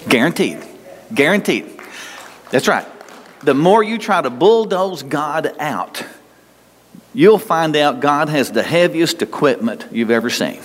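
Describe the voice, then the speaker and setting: A man's voice: on the high side, lively intonation, unhurried. A man preaching a sermon as pastor, emphatic and folksy, repeating himself and talking straight to his listeners. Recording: long hall reverb.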